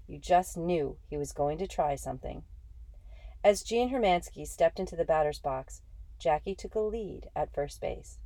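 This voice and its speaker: Low, mellow woman narrating a story. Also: no echo. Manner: steady, measured storytelling. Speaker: audiobook narrator. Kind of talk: scripted first-person storybook narration.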